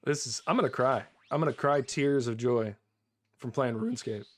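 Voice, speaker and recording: An American man streaming a game live, excitable and chatty, repeating himself and laughing often. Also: mid-range voice, normal speed.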